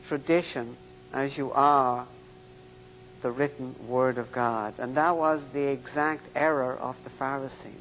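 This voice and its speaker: Slow emphatic older preacher in a hall. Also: male voice, a little high, fairly bright tone, a little hiss or hum. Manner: slow, emphatic, deliberate delivery. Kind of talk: sermon-style lecture.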